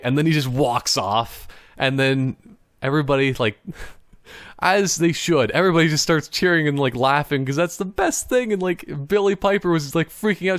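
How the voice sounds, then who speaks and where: His voice a little high and his pace normal, the young podcast host from Canada chats alone at his indoor computer setup. He rambles, laughs frequently and drops into playful impressions at times, in a dry recording with clean studio sound.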